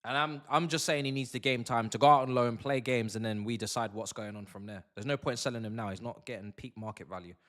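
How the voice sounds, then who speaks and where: A man's voice: medium pitch, steady tone, quick pace, few pauses, fairly bright tone. A young man chatting through a live football watch-along, full of slang and banter with his chat.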